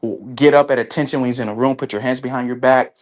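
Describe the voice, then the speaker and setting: A man speaking as an interview guest in casual conversation, halting often and restarting his sentences. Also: mid-range voice, steady tone. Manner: halting, with many restarts and fillers.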